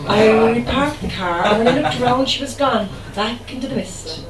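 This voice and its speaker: A woman's voice: a little high, unhurried, pauses often. Playful woman reading a story aloud. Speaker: reader at a poetry event. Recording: distant, echoey, noisy live room.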